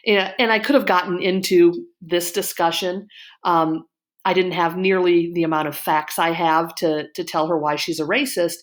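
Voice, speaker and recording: A woman's voice: fairly low pitch, fairly even intonation, normal speed. Opinionated woman history teacher lecturing. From Illinois, USA. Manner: opinionated, frequent ums and you-knows. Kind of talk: casual lecture-style commentary.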